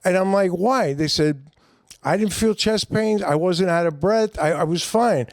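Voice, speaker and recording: A middle-aged man with a New York accent, a comedian guest telling a long story in a rambling, animated way with lots of fillers. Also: high-pitched, a little slow, no echo, clean studio sound. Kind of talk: casual storytelling.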